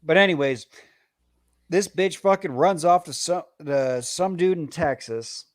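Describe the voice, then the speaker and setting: A man's voice: fairly high pitch, a little slow. A man calling in to a live show, telling a heated personal story with constant swearing. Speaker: caller. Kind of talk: casual call-in storytelling.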